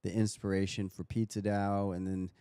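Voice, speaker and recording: A man's voice: deep voice, little pitch movement, moderate pace, warm tone, smooth. A man co-hosting a casual livestream chat, laid-back and rambling, hedging his points. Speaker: podcast co-host.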